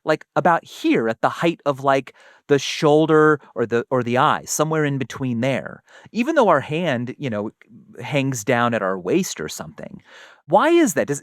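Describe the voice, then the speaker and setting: Male co-host, casual science chat, animated delivery with acted-out quotes, dry room. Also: fairly high pitch, no echo. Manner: animated, acts out little quoted exchanges.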